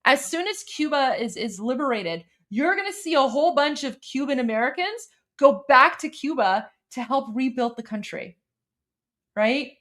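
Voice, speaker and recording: A woman hosting a casual livestream, gushing and excitable, repeating herself and calling viewers "guys". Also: high voice, normal speed. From Iran. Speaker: livestream host.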